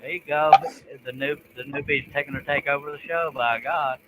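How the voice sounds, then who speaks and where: A man's voice: fairly high pitch, fairly even intonation, brisk, background noise. A man hosting a live stream, chatting casually and teasing his co-hosts. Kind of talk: casual workshop banter.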